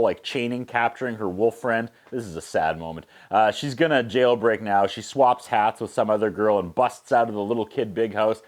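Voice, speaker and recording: A man recapping a movie's plot with sarcastic asides, briefly acting out the characters in quick voices. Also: mid-range voice. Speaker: movie reviewer.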